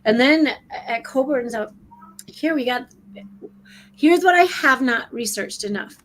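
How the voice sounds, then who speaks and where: A woman co-hosting a casual online debrief, talking in a rambling, excitable way with many restarts. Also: high voice, unhurried, a little hiss or hum, rough recording. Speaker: co-host. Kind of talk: casual chat.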